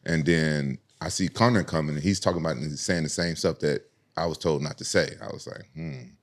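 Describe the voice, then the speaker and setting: An American man in his forties with a Southern accent guests on a podcast, chatting casually. His voice is a low rumble and his delivery brisk as he tells stories animatedly, laughing often and repeating words.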